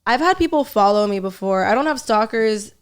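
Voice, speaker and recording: Smooth-voiced woman telling a lively story. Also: medium pitch, fairly quick. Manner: lively storyteller, curses freely. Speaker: comedian guest. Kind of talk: casual podcast storytelling.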